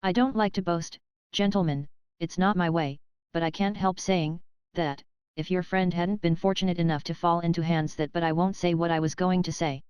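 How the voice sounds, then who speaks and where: Female narrator voicing a boastful old-fashioned male attorney; lowish, very clear, dry. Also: fairly even intonation, normal speed, darkish tone, no room sound, highs cut off, natural voice. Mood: pompous. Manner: self-important, rambling, clears throat. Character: pompous boastful male attorney, middle-aged.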